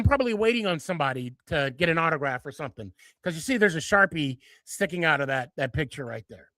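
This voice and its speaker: A man hosting a podcast in a casual monologue, rambling with many restarts and fillers, and getting excited and animated as he tells a story. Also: fast, few pauses, no echo. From Dallas-Fort Worth area. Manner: excitable, jumps higher when animated. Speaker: podcast host.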